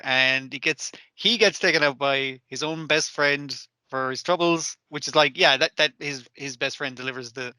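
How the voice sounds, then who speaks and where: A man's voice: on the high side, normal speed, hardly any pauses, sharp tone, no room sound. A man co-hosting a podcast in casual chat, laughing often and swearing as he retells scenes. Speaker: podcast co-host.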